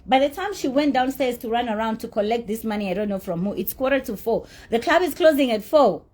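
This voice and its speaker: Speaking fairly quickly in a fairly high, a little mellow voice with lively intonation, a middle-aged woman shares her heated account of an unpaid appearance dispute. The celebrity is blunt and indignant, swearing freely.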